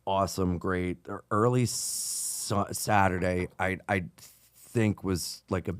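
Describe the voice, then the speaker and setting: A man's voice: low-pitched, slow, clear, resonant tone, dry recording, studio quality. A man, a comedian, telling stories in a casual podcast chat, often swearing. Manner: animated, swears, voice rises when excited. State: out of breath when retelling.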